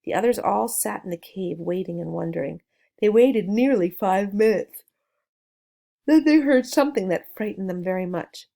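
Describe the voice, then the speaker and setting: Gravelly woman reading a storybook. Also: mid-range voice, normal speed. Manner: gentle storytelling with small asides to the listener. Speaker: narrator. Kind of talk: reading a children's novel aloud.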